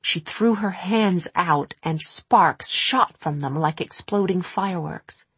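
A woman reading a storybook aloud in a steady, low-key narration. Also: takes it slowly, breathy edge, no echo. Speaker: audiobook narrator. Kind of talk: scripted narration.

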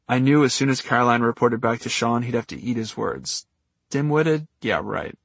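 A man reading his memoir aloud with a wry, dry humor. His voice has a husky grain, and the booth recording sounds close and dead, with no room around it. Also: medium pitch, fairly bright tone, dry recording. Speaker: memoir narrator. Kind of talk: audiobook memoir narration.

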